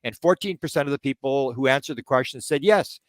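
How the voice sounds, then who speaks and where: A Canadian man in his sixties, appearing as a guest researcher, rambles through interview answers at a fairly quick pace in a medium-pitched voice. He hesitates, restarts often and says "um" a lot, but grows animated when retelling stories. The recording is dry.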